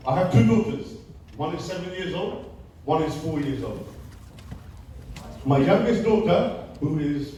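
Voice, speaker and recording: A man's voice: a little high, mellow, slight background noise. A man from England addressing a public meeting as a local resident, emotional and pleading, then angry and accusing. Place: large hall with a crowd. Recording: echoey hall from far off.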